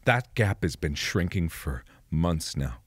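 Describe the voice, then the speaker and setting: A man in his twenties giving a mock-solemn rallying monologue to camera, melodramatic and swinging between hushed and booming lines. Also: big pitch swings, slow, a little hiss or hum. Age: 20s. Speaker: video creator.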